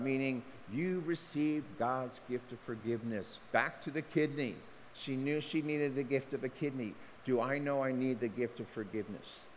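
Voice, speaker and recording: A man preaching a sermon as pastor, impassioned, his pitch leaping up when he presses a point. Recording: long hall reverb, faint noise.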